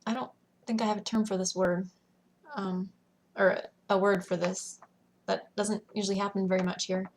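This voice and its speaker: A woman's voice: medium pitch, little pitch movement, a little hiss or hum. A woman in her thirties from Washington State with a Western American accent, reading a word list and casually answering accent questions with some hesitant fillers. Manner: plain, unhurried, with hesitant fillers. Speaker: elementary school teacher.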